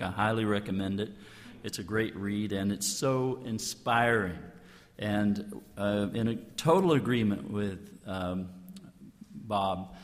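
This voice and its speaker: Male guest speaker, earnest and emphatic, lowish voice, long hall reverb. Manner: earnest, emphatic, with slow stressed phrases. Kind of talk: inspirational talk.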